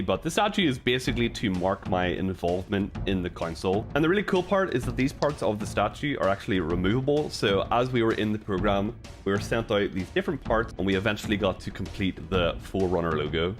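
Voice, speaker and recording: A young man livestreaming, chatty and then bursting into loud, breathless excitement while reacting. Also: lowish voice. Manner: chatty show-and-tell. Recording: music playing behind.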